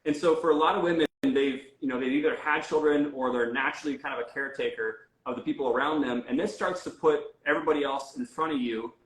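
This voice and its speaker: A man explains his coaching ideas in a loose, conversational way, full of little fillers and restarts. His voice sits at a middle pitch and carries a roomy echo around it. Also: fast, hardly any pauses. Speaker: guest health coach. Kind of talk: casual interview talk.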